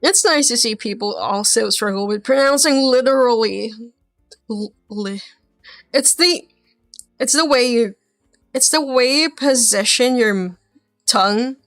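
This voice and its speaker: A woman streamer who is not a native English speaker chats casually, musing in soft trailing asides. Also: fairly high pitch, normal speed, no room sound, studio quality, faint music behind. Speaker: streamer reacting to videos. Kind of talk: casual chat.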